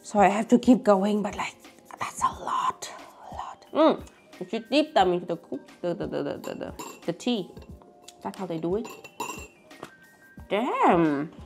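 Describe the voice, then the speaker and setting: A woman's voice: mid-range voice, very animated, moderate pace, pauses often, darkish tone, faint music behind. A young woman, chatting casually and giggling as she tastes food for her vlog. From Vietnam. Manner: giggly, chatty, non-native phrasing. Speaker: vlogger.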